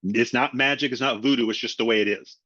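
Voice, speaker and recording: Animated middle-aged man training salespeople. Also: medium pitch, fast talker, no room sound. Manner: animated, acts out both sides of sales calls. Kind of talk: webinar training talk. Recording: dry, slightly dull lo-fi audio.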